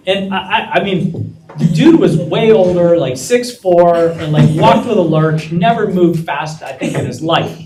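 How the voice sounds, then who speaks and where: Animated storyteller in an echoey room. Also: male voice, high voice, unhurried, distant mic. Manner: animated storyteller acting out quoted dialogue. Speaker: guest speaker. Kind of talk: storytelling talk to law students. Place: lecture room.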